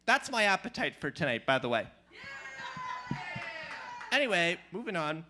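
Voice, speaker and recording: A man doing live stand-up storytelling at a small club, animated and playful. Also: fairly high pitch, moderate pace. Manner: animated, playful, loud asides. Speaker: storyteller, comedian.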